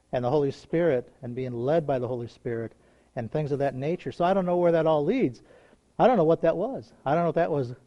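Man, pastor, informal sermon storytelling, folksy, chuckling, fairly high voice, dull lo-fi recording. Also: warm tone. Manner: folksy, chatty, chuckles often.

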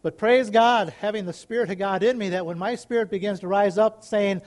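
A man's voice: sits high, brisk, few pauses, darkish tone. A middle-aged male pastor preaching a sermon, rising into emphatic calls and questions to the congregation.

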